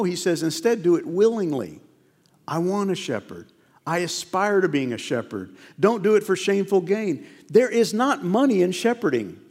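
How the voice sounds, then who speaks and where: With a slightly high voice and a big-room sound, a middle-aged pastor delivers a sermon in a church sanctuary. His tone is sincere and chatty, and he poses question after rhetorical question.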